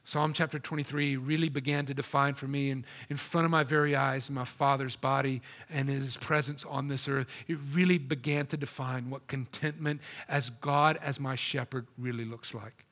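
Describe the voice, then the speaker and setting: A man preaching a sermon as pastor, emphatic, dropping soft and low to linger on quoted lines. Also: steady tone, normal speed, few pauses.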